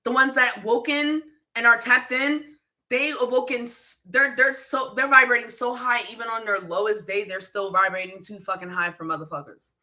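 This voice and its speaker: Pennsylvania woman on a phone livestream, bright sharp voice, swears a lot, laughs, just chatting with viewers. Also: on the high side, fairly even intonation, moderate pace. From Pennsylvania, USA. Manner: blunt and profane, laughs often, answers viewer comments. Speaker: livestream host and psychic reader. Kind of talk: casual livestream chat.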